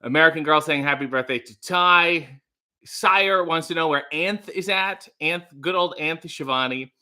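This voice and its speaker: A man's voice: fairly high pitch, unhurried, sharp tone. A young man hosting a casual livestream, rambling playfully with sarcastic asides while reading out chat messages. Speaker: livestream host.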